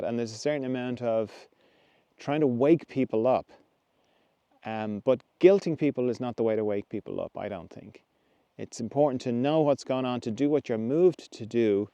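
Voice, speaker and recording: A middle-aged man hosting a spiritual podcast, musing gently and restarting his thoughts as he talks. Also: mid-range voice, clear, resonant tone, dry recording. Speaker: podcast host, spiritual teacher. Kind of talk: reflective spoken talk.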